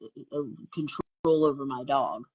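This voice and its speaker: A woman's voice: extremely low pitch, unhurried, breathy edge, highs cut off. A woman from the Midwest co-hosting a casual chat, folksy and talkative, laughing easily, heard over a video call. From American Midwest. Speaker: co-host.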